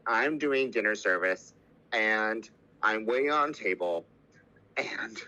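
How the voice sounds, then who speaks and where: A man's voice: on the low side, measured pace, sharp tone, low-quality recording. A man, a podcast guest, telling a candid personal story with emotion, swearing and acting out what others said.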